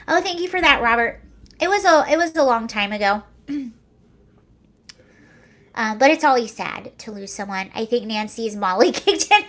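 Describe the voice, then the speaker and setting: A woman's voice: on the high side, a bit bright. A young woman hosting a casual livestream, chatting sarcastically, laughing often and answering viewer comments. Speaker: livestream host.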